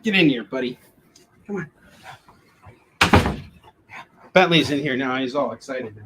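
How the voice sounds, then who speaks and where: On a distant mic with faint background noise, a comic book artist answers questions in a casual livestream, joking, rambling and frequently laughing. His voice is medium-pitched, expressive and a bit bright, at a measured pace.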